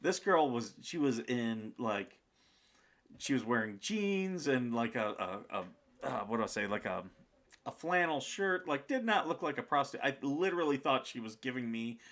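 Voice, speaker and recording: A man tells a story as a podcast guest, slipping into the voices of the people he met. He talks casually and keeps stopping for fillers. His voice sits at an ordinary middle pitch for a man. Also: very animated, normal speed, a bit bright. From United States.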